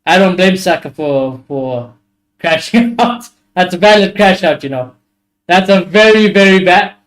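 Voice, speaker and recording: A young man hosting a live football watchalong, reacting excitably to the play and swearing freely. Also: high-pitched, unhurried. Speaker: watchalong host.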